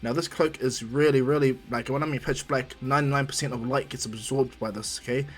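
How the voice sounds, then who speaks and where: A man's voice: medium pitch, fairly even intonation, a little fast, faint music behind. A man hosting his own channel, narrating a fan story casually with fillers and side remarks.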